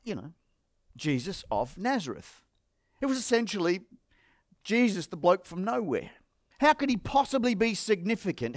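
A man's voice: high-pitched, very animated, normal speed, dry recording, studio quality. An Australian man preaching a sermon as pastor, firing rhetorical questions at the congregation.

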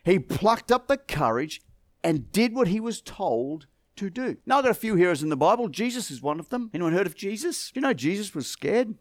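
A man preaching a sermon, emphatic and dramatic, dropping to a hush and then building to forceful declarations. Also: sits high, big pitch swings, a little fast, dry recording, studio quality.

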